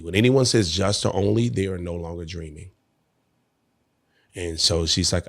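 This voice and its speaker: A man guesting on a podcast, telling a personal story in an animated way and acting out the quotes. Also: deep voice, normal speed, vocal fry, long pauses. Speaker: podcast guest, network marketer. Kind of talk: conversational storytelling.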